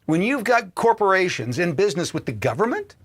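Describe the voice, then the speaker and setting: A man hosting a political livestream, ranting with profanity and swinging between shouting and low muttering. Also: big pitch swings, a little fast. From Indiana, US. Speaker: political commentary host.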